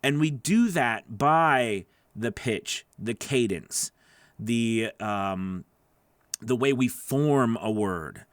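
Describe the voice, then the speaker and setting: A man teaching audiobook narration in a loose, animated way, acting out sample readings and often restarting his sentences. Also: mid-range voice, extremely slow, no echo, clean studio sound. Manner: animated, demonstrates readings, many fillers and restarts. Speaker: voice-over coach. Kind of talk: teaching talk to camera.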